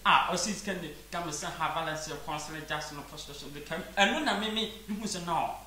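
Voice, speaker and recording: Ghanaian woman, emphatic, low-pitched. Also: a little fast, pushed and bright. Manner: emphatic, repeats words when stressing a point. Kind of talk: casual chat show discussion. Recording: echoey room with faint noise.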